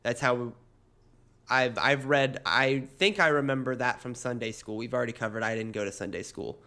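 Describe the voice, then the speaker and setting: A man co-hosting a comedy podcast in casual chat, animated and laughing often mid-sentence as he tells playful stories. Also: medium pitch, moderate pace. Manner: playful storytelling. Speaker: podcast co-host.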